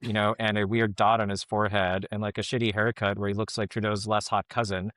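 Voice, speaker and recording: A man's voice: fairly low pitch, level tone, brisk, a bit bright, no room sound, studio quality. A middle-aged man giving casual podcast commentary, rambling and filling his talk with "like, you know".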